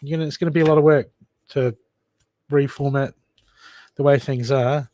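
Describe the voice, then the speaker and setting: A man's voice: medium pitch, fairly even intonation, moderate pace, dark tone. A man giving tarot readings on a casual livestream, chatty and familiar, calling viewers darling and mate. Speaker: live tarot card reader.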